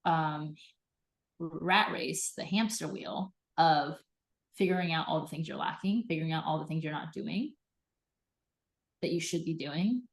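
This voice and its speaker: A woman hosting a live card reading, enthusiastic and animated, acting out little quoted voices as she coaches. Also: low-pitched, a little slow, gravelly, pauses often. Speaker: host and intuitive reader.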